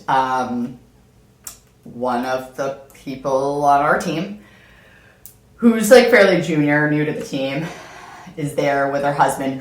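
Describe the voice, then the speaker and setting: A woman's voice: low-pitched, reverberant. A woman hosting a podcast, chatting casually with her sister and telling an embarrassing story, often laughing as she goes. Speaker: podcast host.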